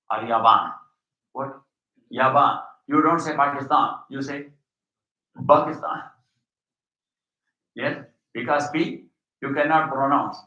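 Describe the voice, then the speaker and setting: A man giving a classroom lecture on religion, explaining slowly, often checking his students follow and reciting Arabic passages quickly. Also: mid-range voice, bright, forceful tone. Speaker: religious teacher. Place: mosque hall. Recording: dull, echoey mosque hall.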